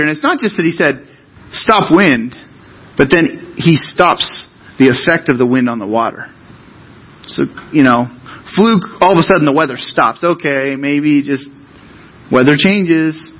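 A man's voice: medium pitch, fairly bright tone, husky, highs cut off. A man preaching a sermon as pastor, talking to the congregation in a loose, conversational, storytelling way.

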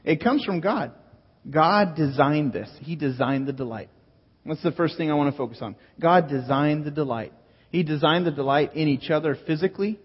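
A male pastor gives an earnest, teacherly sermon at a moderate pace, circling back to his key phrases. His husky voice is mid-pitched and carries a long reverb from a large church hall, and the recording sounds slightly dull.

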